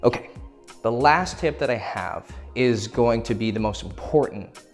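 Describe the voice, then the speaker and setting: A man's voice: medium pitch, unhurried, soft background music. A man coaching on dating in a casual, profane way, acting out short quoted exchanges as he explains. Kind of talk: instructional talk to camera.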